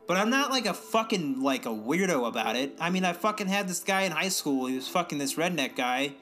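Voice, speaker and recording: A young man in casual profane chat, ranting and mimicking other people in high voices. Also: sing-song, a little fast, bright, forceful tone, faint music behind.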